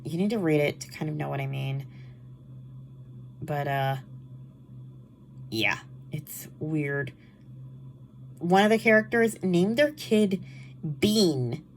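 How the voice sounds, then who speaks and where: A woman's voice: sits low, a little mellow, a little hiss or hum. A woman with a nasal, allergy-stuffed voice chatting casually about books she read, full of "like" and exasperated asides. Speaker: book vlogger. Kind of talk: casual book wrap-up chat.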